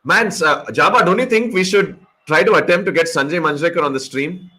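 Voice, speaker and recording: A man's voice: a little high, a little fast, pushed and bright, husky. A man co-hosting a live cricket watch-along, chatting casually, joking and teasing his co-host while calling the play. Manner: joking, swears freely, teases co-host. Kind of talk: casual live-stream chat and commentary.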